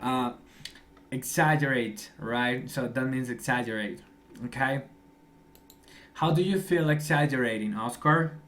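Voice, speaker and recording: A man's voice: mid-range voice, unhurried, pauses often, a bit bright. Chatty man teaching English online. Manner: encouraging, chatty, laughs often. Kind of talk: online class feedback.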